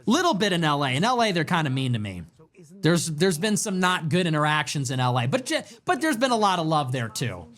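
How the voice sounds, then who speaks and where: A man's voice: a little high, big pitch swings, fairly quick, a bit bright. A man hosting a livestream, brash, profane and swaggering as he tells boastful stories. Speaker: livestream host.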